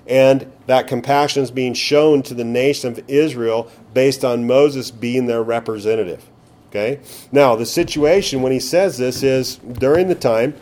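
Mellow-voiced man teaching a sermon. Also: mid-range voice. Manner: conversational, frequent "okay?" check-ins, rhetorical questions. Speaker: pastor.

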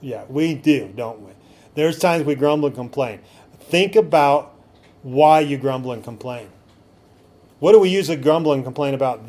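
A man's voice: on the high side, animated, normal speed, dark tone. A man preaching a sermon as a pastor, often asking the congregation rhetorical questions.

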